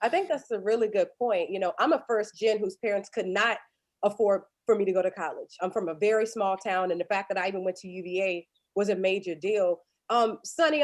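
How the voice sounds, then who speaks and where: A woman moderating a panel, asking earnest, probing questions. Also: medium pitch. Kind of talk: panel discussion.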